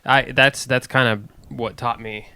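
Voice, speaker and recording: A young man co-hosting a podcast, chatting casually and talking in a halting way. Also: medium pitch, steady tone, creaky, bright, forceful tone, clear, resonant tone, no echo. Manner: hesitant, halting, with restarts. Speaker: podcast co-host. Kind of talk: casual chat.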